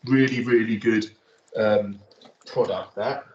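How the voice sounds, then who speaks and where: A man's voice: on the low side, steady tone, slow pace. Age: adult. Sex: man. Role: photography lecturer. Style: casual, rambling studio demonstration. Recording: distant, roomy, slightly dull audio with faint hiss. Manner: chatty and rambling, many fillers. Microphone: phone camera from across the room.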